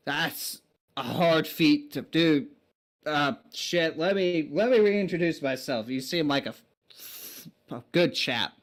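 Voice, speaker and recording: A man's voice: on the high side, a bit bright. A man playing a weary, foul-mouthed undead knight in a tabletop game, rambling and swearing freely. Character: weary crude male undead knight, brought back. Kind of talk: tabletop role-play in character.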